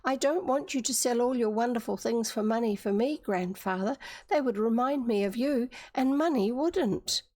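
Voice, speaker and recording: A woman's voice: a little high, moderate pace, hardly any pauses, darkish tone, voice pushed up, close to an everyday voice. A woman with a New Zealand accent, reading aloud and voicing a tearful, loving little girl who speaks in an earnest, pleading way.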